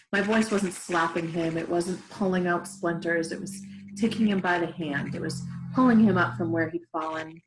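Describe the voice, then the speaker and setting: A woman reading a novel aloud in a steady, gentle way, in an echoey room. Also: lowish voice, a little hiss or hum. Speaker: reader. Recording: roomy echoey room recording.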